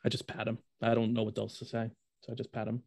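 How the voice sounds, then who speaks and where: A man's voice: medium pitch, monotone, fast talker, a little mellow. A man playing his character in a tabletop role-playing game, talking hesitantly with restarts. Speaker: player.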